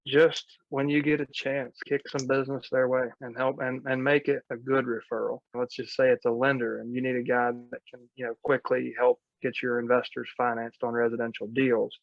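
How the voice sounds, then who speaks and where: Gravelly, flat-voiced man coaching. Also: medium pitch, normal speed, hardly any pauses, no echo, muffled recording. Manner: conversational, practical advice with quoted asides. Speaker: real estate coach. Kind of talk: live training session.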